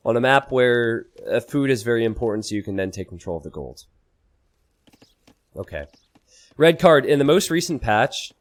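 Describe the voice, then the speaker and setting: An animated man commentating a strategy game match, his pitch swinging widely as he talks. He explains tactics in a casual tone and jumps into high, loud disbelief when something surprises him. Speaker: game caster. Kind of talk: esports commentary.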